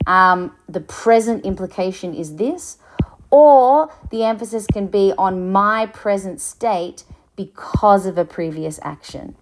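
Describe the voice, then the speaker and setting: A woman teaching a recorded lesson, explaining slowly, with fillers and restarts. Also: mid-range voice. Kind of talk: recorded lecture.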